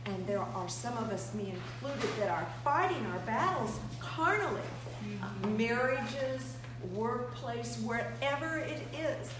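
A woman's voice: a little high, lively intonation, takes it slowly. Distant woman testifying, very echoey. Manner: earnest, testifying. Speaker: congregation member. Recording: distant, echoey, with background noise.

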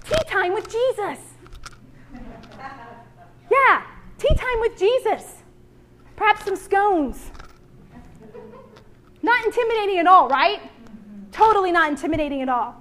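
A woman's voice: very high voice, unhurried, pauses often, slight background noise. A woman preaching to a women's church gathering, joking and acting out little voices as she goes. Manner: animated, jokey, acts out voices. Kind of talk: sermon.

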